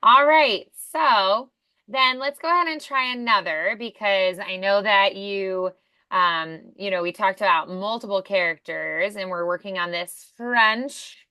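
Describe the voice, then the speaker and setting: A woman's voice: medium pitch, pushed and bright, smooth. A woman coaching a voice acting lesson, chatty and encouraging as she gives feedback.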